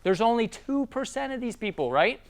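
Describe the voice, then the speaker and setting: A Southern man with a high, smooth, resonant voice coaches a room on sales in a loose, casual way. He keeps slipping into quick voices to act out customers. He sounds like a young adult. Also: big pitch swings. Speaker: sales trainer. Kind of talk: seminar talk on sales.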